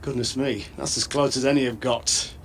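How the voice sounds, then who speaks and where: A man giving thoughtful, measured live cricket analysis as co-commentator. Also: mid-range voice, fairly even intonation, a little hiss or hum.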